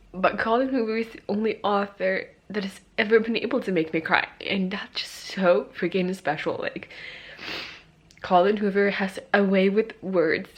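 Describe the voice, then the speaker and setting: A woman in her early twenties, tearful after crying, talking haltingly to her camera about a book in an emotional reading vlog. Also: mid-range voice, a bit bright. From Sweden. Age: early 20s. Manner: emotional, halting, many fillers and sighs. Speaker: book vlogger. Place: alone at home talking to camera.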